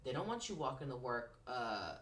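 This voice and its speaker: A young drag performer chatting casually as a guest, telling stories full of "like" and animated impressions. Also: female voice, very deep voice, normal speed, a little hiss or hum. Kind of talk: casual chat. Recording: echoey room, voice somewhat off-mic.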